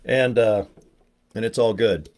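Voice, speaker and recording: A man's voice: on the low side, takes it slowly, darkish tone. Guy rambling on his home livestream, jokey, teasing himself, talks to the chat by name. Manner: joking, rambling, self-mocking. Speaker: livestream host promoting products. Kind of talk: casual live chat.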